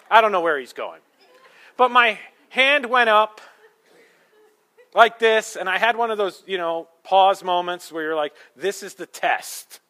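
High bright-voiced male pastor. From Michigan. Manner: storytelling with sarcastic asides and swings between loud and quiet. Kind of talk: sermon.

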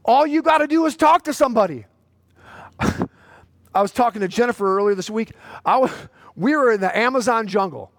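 A man preaching a sermon, with a high, bright-edged voice. He drops low to tell a story, then climbs loud and urgent to exhort his listeners. The sound is dry and close. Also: dry recording. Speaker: pastor.

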